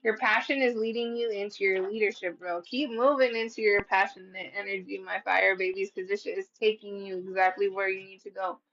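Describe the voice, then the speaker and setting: A woman's voice: mid-range voice, fairly even intonation, fairly quick, hardly any pauses, a bit bright. A woman doing a casual tarot reading, blunt and profane, acting out what people say and laughing at her own readings. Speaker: tarot reader. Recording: slightly dull lo-fi sound.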